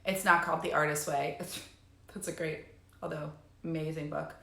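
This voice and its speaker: A woman's voice: sits low, little pitch movement, normal speed, gravelly, bright, forceful tone. A woman talking in a casual live stream as a life coach, bubbly and chatty with lots of fillers. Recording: echoey room.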